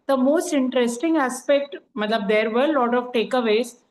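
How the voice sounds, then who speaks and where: High-pitched woman, echoey room. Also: moderate pace. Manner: conversational, frequent "you know" fillers. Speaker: coaching participant sharing experience. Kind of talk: casual online group call.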